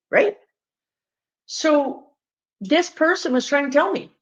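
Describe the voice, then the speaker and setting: A woman with a Southern US accent, a spiritual teacher talking casually and emphatically to her viewers, with lively asides. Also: sits high, a little slow, pauses often, dull audio. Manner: animated, emphatic, chatty with frequent asides. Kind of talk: casual direct-to-viewer talk.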